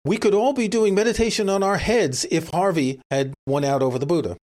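A man from New co-hosts a casual podcast with a wry, joking manner. His New shows through a slightly high voice. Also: brisk, darkish tone. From New York City. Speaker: podcast co-host.

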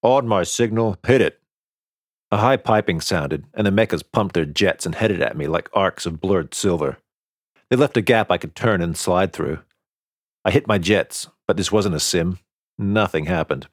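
Brief: male audiobook narrator, deep voice, dry close recording, steady first-person telling. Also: moderate pace, no echo.

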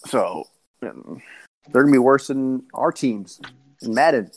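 A young man talking casually on a podcast, rambling and excitable as he tells stories. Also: mid-range voice, a little slow, a little hiss or hum. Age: young adult. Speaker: podcast co-host. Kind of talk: casual chat.

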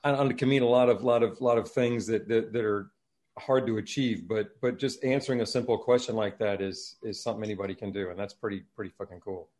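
A man's voice: on the low side, steady tone, fast, darkish tone. A man in casual conversation, laid-back, swearing freely and laughing often. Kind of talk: casual chat.

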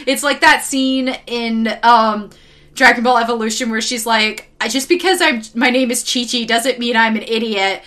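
High bright exasperated woman. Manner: exasperated, swearing, acts out quotes. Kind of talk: casual chat recapping an anime.

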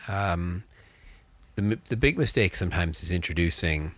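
A man chatting casually as a game master, animated and rambling, with many fillers. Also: low voice, moderate pace, dry recording. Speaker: game master, podcast co-host. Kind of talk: casual chat.

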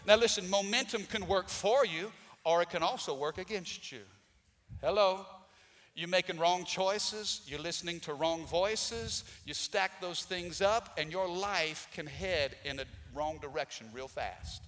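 A man's voice: high voice, unhurried, a bit bright, in a large hall. A man preaching a Sunday sermon as pastor, calling for responses from the congregation and rising to emphatic peaks. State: out of breath. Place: church sanctuary.

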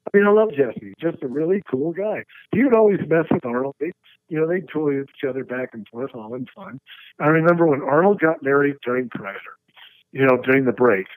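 A man who is a stunt performer, telling lively, laughing anecdotes and slipping into impressions during a radio interview. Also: a little high, a little fast, no room sound, phone-quality sound. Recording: dry radio studio.

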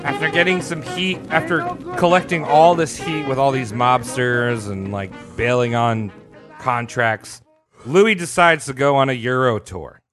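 A man hosting a casual podcast chat, telling a story in an animated, profane way and acting out quotes. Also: mid-range voice, measured pace, music in the background. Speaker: podcast host.

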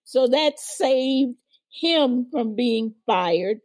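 A woman's voice: fairly high pitch, lively intonation, extremely slow, a little mellow, no room sound. An older woman, a guest on an interview, vividly recounting her past and acting out the people she quotes. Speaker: guest, former civil rights organizer. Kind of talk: storytelling interview.

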